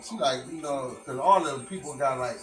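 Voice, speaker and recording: A man's voice: mid-range voice, normal speed, distant mic. A man telling a long, profane story to friends, quoting everyone in it. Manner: profane, animated storytelling, quotes voices. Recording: echoey room with music playing.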